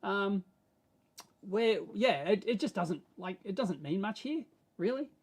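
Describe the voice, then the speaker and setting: An Australian man hosting a live stream, answering viewer questions in a rambling, animated way that swings between mumbled asides and excited bursts. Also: sits high, unhurried. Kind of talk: casual live-stream chat.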